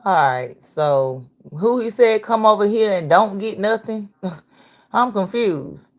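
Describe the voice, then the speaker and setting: A woman's voice: mid-range voice, animated, takes it slowly, darkish tone. A woman hosting a casual reaction vlog, talking back to clips with sass. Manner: sassy, talks back to clips.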